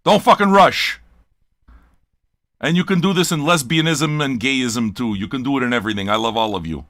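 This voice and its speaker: A man's voice: mid-range voice, moderate pace, fairly bright tone, no echo, studio quality. An older man hosting a record-listening show, talking in a blunt, profane, rambling livestream rant.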